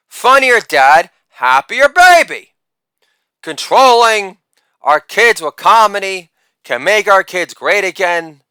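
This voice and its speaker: Bright, theatrical man doing stand-up. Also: high voice, big pitch swings, slow, clear, resonant tone, no echo, studio quality. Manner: theatrical, boastful, bursts into shouted catchphrases. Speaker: comedian. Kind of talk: stand-up comedy monologue.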